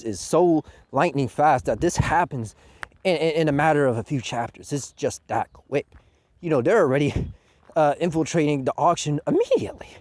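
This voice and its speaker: A man giving a casual manga review, sarcastic and mocking with rough language. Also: fairly high pitch, darkish tone.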